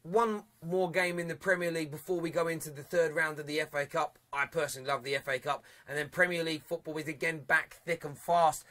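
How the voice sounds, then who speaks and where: A man hosting a live football phone-in, chatty and upbeat, quick to laugh with callers. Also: a little high, steady tone, sharp tone. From England. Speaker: phone-in show host.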